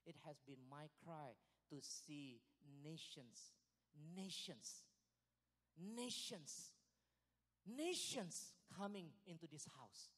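A high-pitched man preaching with restless excitement, swinging from hushed lines to shouted peaks and laughing along the way. He sounds a little out of breath as he goes. His voice rings through a church hall with a long reverb tail. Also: takes it slowly. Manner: excitable, animated, loud bursts and laughs. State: sweating, short of breath at times. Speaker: pastor. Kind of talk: sermon.

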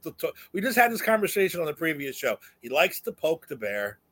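A man's voice: a little high, big pitch swings, a little fast, a bit bright. A man from New York co-hosting a casual talk show, blunt and opinionated, swearing casually. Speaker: co-host. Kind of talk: casual chat.

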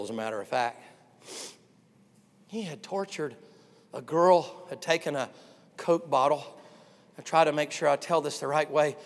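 An older man preaching a sermon, dropping to hushed asides and then rising to fervent shouts. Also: medium pitch. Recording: long reverb of a large hall.

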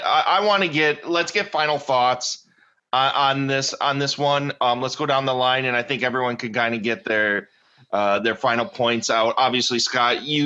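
A man hosts a casual film review podcast, going down the line for verdicts. His voice is bright, with a plain middle pitch. The audio is muffled and lo-fi. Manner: steers the panel, asks for final verdicts. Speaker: podcast host.

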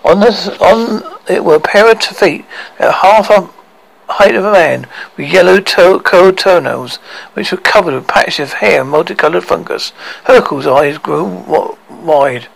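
Gravelly man reading a story aloud. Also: high-pitched, low-quality recording. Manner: halting, with frequent self-corrections. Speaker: narrator.

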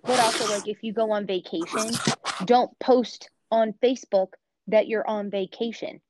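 A woman's voice: mid-range voice, steady tone, moderate pace, background noise. A woman in casual chat, talking in an opinionated way with lots of fillers. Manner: chatty, opinionated, many "like" fillers.

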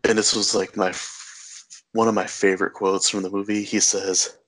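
A man's voice: lowish voice, little pitch movement, moderate pace, a bit bright. A man hosting a podcast, chatting casually about a film with fillers and easy laughter. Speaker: podcast host. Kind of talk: casual movie discussion.

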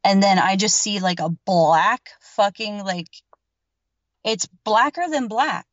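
A woman's voice: medium pitch, slow pace, no echo. Rambling woman, dull dry recording. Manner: rambling and emphatic, heavy on filler words, swears freely. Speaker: podcast guest telling a paranormal story. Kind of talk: casual storytelling in an interview.

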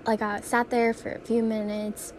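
A young woman with a slightly high voice tells rambling stories to her viewers in a casual vlog, breaking into giggles as she goes. A faint hum of room noise sits under her voice. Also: little pitch movement, normal speed, a little mellow. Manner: giggly, rambling, laughs often mid-story. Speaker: vlogger.

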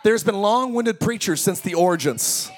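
A man with a high, bright voice preaches to a tent congregation. He keeps it lively, with jokes and questions thrown out to the crowd. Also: moderate pace, a little hiss or hum. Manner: energetic, joking preaching with audience call-outs. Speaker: pastor. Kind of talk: sermon. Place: large tent church.

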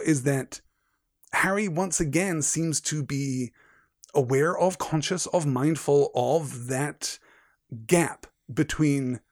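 A podcast host with a voice on the high side leads a book-discussion stream mixing literary talk and read-aloud, recorded in clean studio sound with no room sound. He's articulate and speaks in full sentences, often repeating words as he gathers his thoughts and builds a point.

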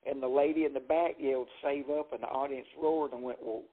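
A Jackson, Mississippi man with a thick Southern accent, this stand-up comic speaks fast in a husky, mid-range voice. He tells stories in an interview, animatedly acting out quotes. The audio is narrow and phone-like.

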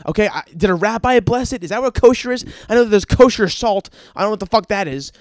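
A man's voice: high voice, expressive, fast, no echo, studio quality. A man giving a stand-up comedy rant, profane and exasperated.

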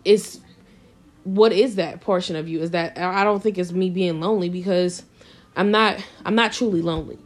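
A woman's voice: fairly low pitch, steady tone, normal speed. A woman co-hosting a podcast, talking earnestly and with emphasis in casual chat. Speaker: podcast co-host.

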